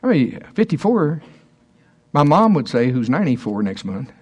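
Minister in his sixties, casual teaching to a small group; halting delivery with frequent restarts. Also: mid-range voice, sing-song, a little mellow, slightly rough. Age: 60s. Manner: halting, stops and restarts often, chuckles between thoughts. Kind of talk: informal teaching talk.

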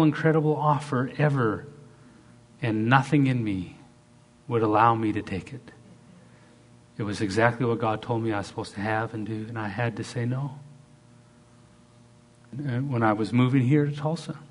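A middle-aged man preaching a sermon as pastor, swinging between loud acted-out quotes and quiet asides. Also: medium pitch.

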